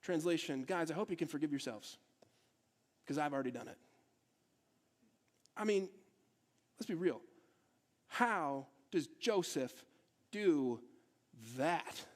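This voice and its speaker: A man's voice: on the high side, expressive, takes it slowly, pauses often. A male pastor preaching a sermon to his church in a conversational way, asking the congregation rhetorical questions. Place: church service in a theatre hall.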